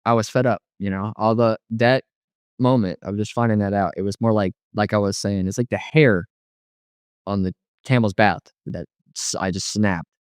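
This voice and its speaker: A man's voice: fairly low pitch, fairly even intonation, normal speed, smooth, dry recording, clean studio sound. A man giving a personal testimony as an interview guest, rambling and filling his speech with frequent "you know.". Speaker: guest telling his life story.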